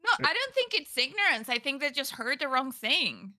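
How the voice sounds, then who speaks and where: A young Venezuelan woman talks in a casual chat, her Spanish accent clear as she rambles through stories with plenty of "like" and "um". Her voice is very bright and sits a little high. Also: sing-song, moderate pace. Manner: chatty storyteller with frequent fillers and laughs.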